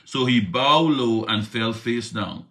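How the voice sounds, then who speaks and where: A man's voice: mid-range voice, takes it slowly, pushed and bright, roomy sound. Conversational man preaching a morning talk. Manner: conversational, slangy, asks "right?". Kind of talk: morning devotional talk, retelling a Bible story.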